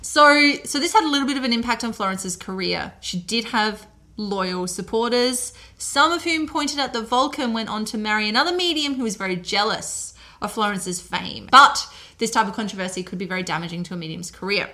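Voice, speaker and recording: A woman's voice: mid-range voice, expressive, brisk, bright, forceful tone. A woman co-hosting a casual podcast, telling a history story in a chatty way and laughing often. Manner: chatty, laughs often, puts on mock voices. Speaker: podcast co-host.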